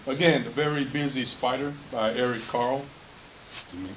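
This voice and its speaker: A man's voice: mid-range voice, fairly even intonation, moderate pace, a bit bright, slight background noise, poor audio. A man reading a children's picture book aloud at a school festival, playing up the animal noises.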